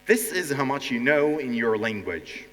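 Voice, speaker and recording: Speaking at normal speed with big pitch swings, a man with a medium-pitched voice and a Ukrainian accent hosts a stand-up style language lesson. The teacher addresses his live audience directly and plays nervous learners, in a recording with hall reverb.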